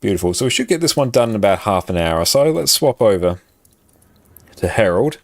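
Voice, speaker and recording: Low-voiced Australian man streaming a game. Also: very animated, brisk, no room sound, studio quality. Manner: upbeat, thanks chat often, laughs easily. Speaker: livestream gamer. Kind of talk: casual live-stream chat.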